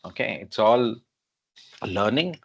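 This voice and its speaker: Calm man giving brief advice. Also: lowish voice, slow pace, gravelly, slightly rough. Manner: calm, advising, short sentences. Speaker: guest giving feedback. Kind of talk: casual online meeting talk. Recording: dull lo-fi call audio.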